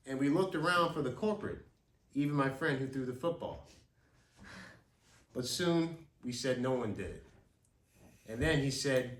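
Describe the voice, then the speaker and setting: A man's voice: mid-range voice, animated, unhurried, pauses often. A man telling a dramatic story from his childhood as a speech, in vivid, dramatic storytelling. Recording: roomy, from a distance.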